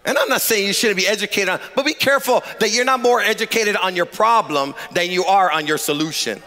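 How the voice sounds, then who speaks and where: Bright, high-voiced preacher in an echoey hall. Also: male voice, fairly quick, soft background music. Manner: call-and-response preaching, swinging from shouts to low asides. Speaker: pastor. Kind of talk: sermon.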